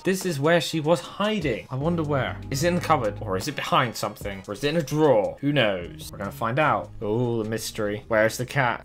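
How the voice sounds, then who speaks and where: A young man, giving jokey, excitable commentary while reacting to funny animal videos for his channel. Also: mid-range voice. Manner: excitable, jokey, talks to the viewer. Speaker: YouTuber reacting to animal clips.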